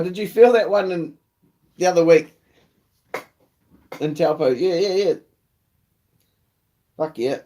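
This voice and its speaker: A young man with a New Zealand accent chats casually on a livestream. His voice sits a little high, yet its tone is soft and mellow. He swears freely and drops mate and bro into nearly every line. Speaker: livestream host. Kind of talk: casual live chat.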